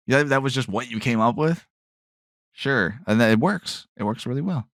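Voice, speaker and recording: A man's voice: medium pitch, animated, normal speed, fairly bright tone, no echo, clean studio sound. A man hosting a solo podcast in a casual, rambling way, often trailing off with "I don't know" and asking himself questions, with sarcastic asides. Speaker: podcast host.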